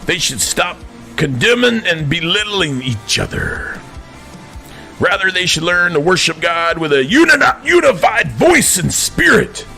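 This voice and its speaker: Male veteran vlogger, bright and gravelly, preachy and indignant, with faint music underneath. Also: sits high, big pitch swings, unhurried. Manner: addresses listeners as friends constantly, indignant, swings between soft and shouting. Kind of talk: preachy monologue to viewers.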